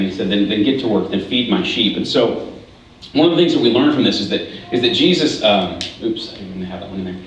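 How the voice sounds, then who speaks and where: In a church hall, a pastor with a medium-pitched, slightly bright voice gives a casual, conversational sermon, often restarting and checking in with "right?" asides. He's recorded from a distance in a very echoey space, with a faint hiss underneath.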